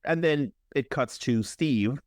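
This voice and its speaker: A man's voice: medium pitch, slow pace, dry recording, clean studio sound. A man co-hosting a podcast, casually recapping a movie and acting out the characters' lines. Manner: animated, acts out characters' lines in exaggerated voices. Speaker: podcast co-host.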